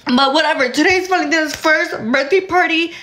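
A woman's voice: very high-pitched, fairly quick, bright, forceful tone. A young woman crying as she vents on her phone livestream. She rambles, fills her talk with "like," and keeps restarting her sentences. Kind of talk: emotional venting on a livestream.

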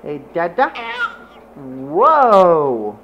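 A young father coos and chatters in a lively, bouncing baby-talk voice, slow and drawn out. The sound is dull and lo-fi, with a faint hiss behind him. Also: high-pitched, vocal fry. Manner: playful baby talk, cooing and cheering. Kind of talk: casual home vlog, talking to his baby.

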